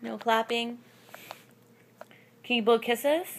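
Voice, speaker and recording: A woman's voice: a little high, fairly even intonation, takes it slowly, very noisy. A mother coaxing her toddler in baby talk, sing-song and often laughing.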